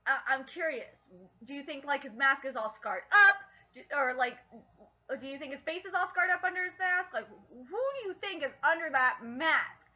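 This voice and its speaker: A high, bright-voiced woman giving excitable live reaction commentary. She swears freely and thinks out loud with plenty of ums and restarts. The audio is dull and lo-fi, like a home stream mic. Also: normal speed.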